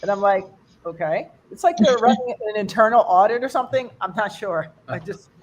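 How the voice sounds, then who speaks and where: An older American woman doing a stand-up comedy set for an online fundraiser. She talks in a rambling, conversational way and jumps her pitch up high when she mimics other people's accents. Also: brisk. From United States.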